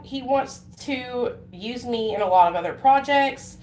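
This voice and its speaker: A woman's voice: fairly high pitch, measured pace, a little mellow. Rambling woman live-streaming in an echoey room. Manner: rambling, emotional, many fillers and restarts. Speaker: livestreaming vlogger. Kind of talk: casual live-stream chat. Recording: echoey room with faint noise.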